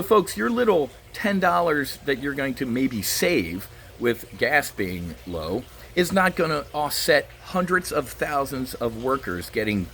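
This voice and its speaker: A man's voice: mid-range voice, gravelly, a bit bright, a little hiss or hum. A man giving blunt, sarcastic solo market commentary, ranting with frequent restarts.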